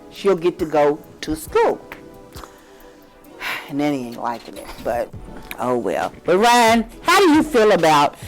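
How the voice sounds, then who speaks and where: An older woman tells family stories in a casual chat. Her pitch swings widely as she acts out voices, with faint music underneath. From Kentucky. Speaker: grandmother of the host.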